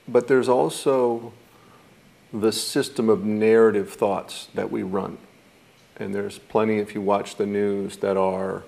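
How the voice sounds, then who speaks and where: A man's voice: on the low side, creaky, a little mellow. A man teaching a mindfulness course in a thoughtful, reflective way, now and then acting out how people react. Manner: thoughtful, acts out quoted reactions.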